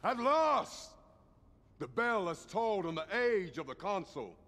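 A man's voice: high voice, big pitch swings, measured pace, fairly bright tone, heavily acted. A man voicing a grand male royal herald who proclaims to a crowd in ceremonious, old-fashioned speech. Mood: proclaiming. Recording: long reverb with game music behind.

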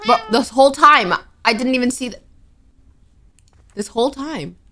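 Narrating her horror gameplay at a moderate pace, this young gaming streamer sounds high, bright, and strained. Her let's play commentary is nervous and skittish, full of gasps and anxious remarks.

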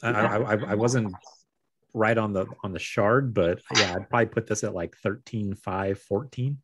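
A man hosting a casual virtual wine tasting over a video call, talking in halting bursts with repeated words and frequent laughs. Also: lowish voice, fairly bright tone, slight background noise.

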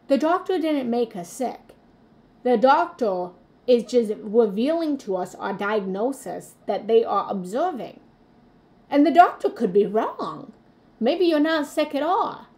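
A woman coaching her live viewers in an earnest, open-hearted way, sharing her own experiences as she goes. Her voice sits a little high, with a gravelly fry at the ends of her phrases. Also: very animated, a little slow, a little mellow. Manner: earnest, confessional, addresses viewers directly. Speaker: spiritual coach hosting a live stream. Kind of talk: live motivational talk.

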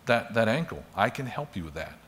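A man putting on a kind, matter-of-fact mother who calmly explains the treatment. the voice sits close to his own and rings out with long hall reverb. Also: lowish voice, a little fast, slight background noise. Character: caring, practical mother who tends injuries.

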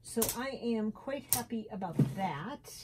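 A middle-aged woman with a slight Southern US lilt, chatting and thinking aloud as she works on a craft journal in her sunroom, with soft laughs. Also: a little high, animated, measured pace, very noisy. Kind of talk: casual craft tutorial chat. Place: home sunroom, indoors.

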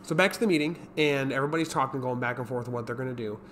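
A man's voice: medium pitch, rapid-fire, fairly bright tone, slight background noise. A man casually recapping a TV episode, rambling with lots of fillers and acting out characters' lines. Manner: rambling, many fillers, mimics characters in quotes. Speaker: show reviewer.

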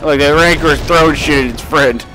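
A young man giving casual, rambling let's play commentary, swearing freely and breaking into sudden shouts. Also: on the high side, normal speed, faint music behind. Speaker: gaming commentator.

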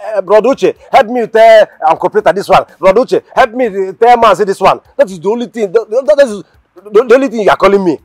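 A man's voice: high-pitched, fast, dry recording. An actor with a Nigerian accent playing an impatient young man desperate to travel abroad, pleading and stammering. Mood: complaining. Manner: excitable, pleading, stammering repetitions. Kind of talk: film drama acting.

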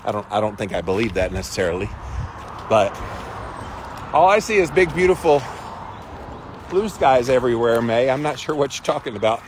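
A man's voice: medium pitch, animated, moderate pace, pauses often, noisy background. A man hosting a casual livestream outdoors, talking emphatically and greeting viewers by name, with chickens clucking nearby. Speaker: livestream host.

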